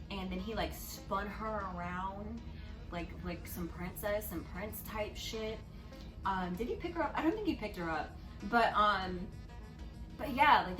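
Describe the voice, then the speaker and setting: Chatty young woman telling a story in an echoey room. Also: distant mic. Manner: animated, swears freely, jumps into loud squeaky quoted voices. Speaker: vlogger. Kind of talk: storytime vlog, casual and expressive. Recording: echoey room, a little off-mic, music underneath.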